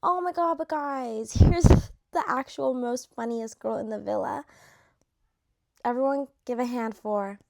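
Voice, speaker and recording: A woman's voice: on the high side, unhurried, gravelly, a little mellow. A young woman vlogging in casual chat, gushing and chatty, leaning on "like" and dropping swear words, her voice a little worn. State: losing her voice. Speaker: vlogger ranking reality show cast.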